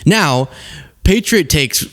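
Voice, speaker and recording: A young man hosting a casual political commentary show, sarcastic and quick to laugh at his own jokes. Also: a little high, animated, fairly bright tone.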